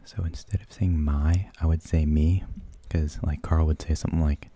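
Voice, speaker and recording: A man rambling in soft-spoken ASMR, half-whispering and hesitating as he searches for words. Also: extremely low pitch, fairly even intonation, moderate pace, husky, no echo. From United States. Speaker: ASMR channel host.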